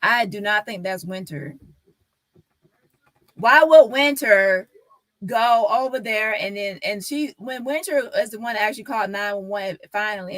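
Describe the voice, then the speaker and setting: A woman's voice: medium pitch, fairly bright tone, no room sound. A woman on a live stream talking casually and insistently to her viewers, repeating her points.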